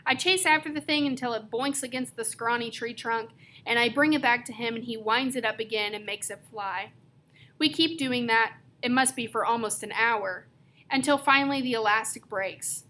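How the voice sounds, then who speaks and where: A woman reading a novel aloud, telling the story with lively, varied emphasis. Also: a little high, normal speed, a little hiss or hum. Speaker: reader.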